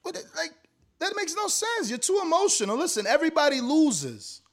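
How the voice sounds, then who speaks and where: High-pitched teasing male podcast host. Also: very animated, a little fast. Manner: teasing, dismissive, talks over others. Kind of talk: heated panel debate.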